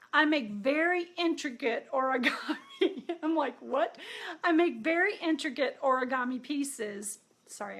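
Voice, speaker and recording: Middle-aged woman, high-pitched, chatty healer telling a story and voicing the people in it. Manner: animated, acts out quoted dialogue. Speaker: intuitive healer. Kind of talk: casual storytelling monologue.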